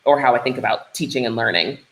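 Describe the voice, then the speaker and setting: A woman's voice: rumbling low, animated, quick pace. A woman teacher from Minnesota, a guest in a casual interview, talking candidly with lots of "like". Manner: candid and conversational, peppered with "like". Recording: roomy echoey room.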